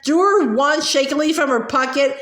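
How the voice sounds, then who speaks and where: A woman reads a novel aloud in a high, light voice, stumbling and restarting words with drawn-out "uh" pauses between lines. Her room gives the recording a clear echo. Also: a bit bright. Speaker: audiobook reader. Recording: echoey room.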